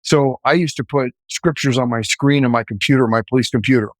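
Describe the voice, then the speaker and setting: A man, a former police officer, telling a story in an earnest, animated way. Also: medium pitch, a little fast, no room sound. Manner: earnest, animated, shouts in quoted lines. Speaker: former navy chief and police officer, guest. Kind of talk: casual storytelling.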